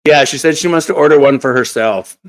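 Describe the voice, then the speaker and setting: A man's voice: mid-range voice, fairly quick, low-quality recording. A man hosting a casual craft live stream, chatty and repeating words as he talks. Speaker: craft channel host.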